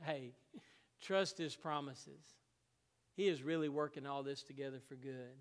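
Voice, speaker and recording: A man's voice: a little high, measured pace, long reverb tail. A man preaching a sermon, telling a personal story with emotion and frequent laughs. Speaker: pastor.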